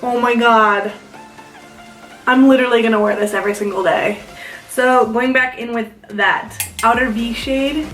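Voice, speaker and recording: A young woman with a slightly high voice chats and rambles as she gets ready, filling her sentences with "like". She sounds a little away from the camera mic, in a room with an echo. Faint music plays underneath. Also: steady tone, moderate pace, a bit bright, far from the mic. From South Dakota, US. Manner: chatty, rambling, many "like" fillers. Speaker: beauty vlogger. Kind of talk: casual get-ready-with-me chat.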